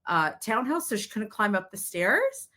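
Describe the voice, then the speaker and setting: A woman's voice: medium pitch, sing-song, normal speed, bright, forceful tone. A middle-aged woman, a psychic medium, telling a story in an interview and acting out the quoted voices.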